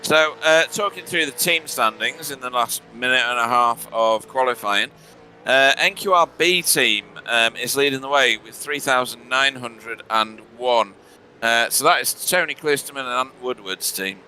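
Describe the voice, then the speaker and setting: A man's voice: medium pitch, normal speed, bright, forceful tone, slight background noise. A man commentating a sim racing broadcast in a chatty, laughing way, sometimes fumbling for names. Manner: chatty, laughs often, stumbles over names. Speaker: race commentator.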